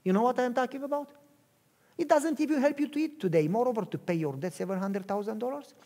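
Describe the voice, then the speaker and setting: A man preaching a sermon with a Romanian accent, acting out both sides of a dialogue and swinging from hushed lines to shouts. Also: very high-pitched, quick pace. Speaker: pastor.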